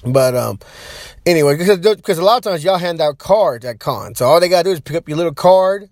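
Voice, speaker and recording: A man's voice: a little high, animated, brisk, darkish tone, no echo. Rambling man, dry close sound. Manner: loose and rambling, talks straight to listeners. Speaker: podcast host. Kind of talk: casual rambling chat.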